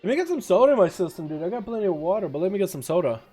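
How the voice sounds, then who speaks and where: A man's voice: sits high, big pitch swings, racing, warm tone, breathy edge, faint music behind. A man livestreaming a game, chatting loosely with viewers, swearing now and then and hyping up the crowd. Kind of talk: casual gaming livestream chat.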